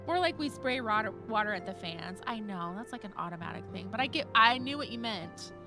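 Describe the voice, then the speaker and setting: A woman's voice: medium pitch, animated, normal speed. A young woman streaming a video game, chatting casually with her viewers, giggling and gushing about the characters. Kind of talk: casual gameplay chat reading chat. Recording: game music underneath.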